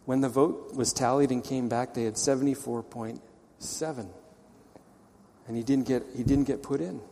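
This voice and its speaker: A man's voice: mid-range voice, fairly even intonation, moderate pace, creaky, mellow, big-room sound. A man pastor preaching a conversational sermon, explaining scripture and asking rhetorical questions.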